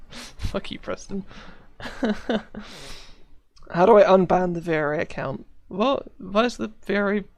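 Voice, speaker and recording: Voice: medium pitch, slow pace, pauses often, darkish tone, dry recording. A live streamer chatting casually, laughing, swearing and teasing a friend. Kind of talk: casual gaming stream chat.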